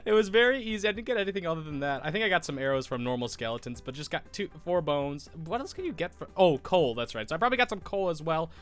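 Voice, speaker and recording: A man's voice: a little high, animated, fast, hardly any pauses, fairly bright tone, faint music behind. Stuffy-nosed young man rambling over gameplay. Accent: American. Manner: rambling, self-correcting, sniffling. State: stuffy nose from a cold. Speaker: Minecraft YouTuber. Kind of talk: casual gameplay commentary.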